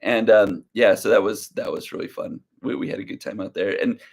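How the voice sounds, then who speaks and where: A young man hosting a casual livestream, talking slowly and easily with a slight drawl, rambling as he reads viewer comments aloud. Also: lowish voice, steady tone. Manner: slow, easygoing drawl. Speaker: livestream reseller host.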